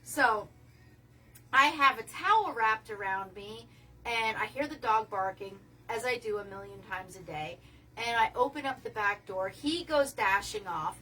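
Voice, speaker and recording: Bright-voiced rambling woman telling a story. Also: fairly high pitch, lively intonation, unhurried, far from the mic, a little hiss or hum, low-quality recording. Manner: rambling, restarts a lot, swears casually. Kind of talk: casual livestream storytelling.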